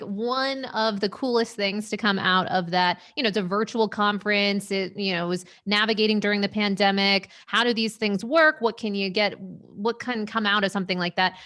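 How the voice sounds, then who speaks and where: Effusive woman guest, bright voice, casual interview. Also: mid-range voice, fairly quick, hardly any pauses. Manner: effusive and enthusiastic, many "yes" and "oh my goodness". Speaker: guest, sleep coach. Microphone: remote call.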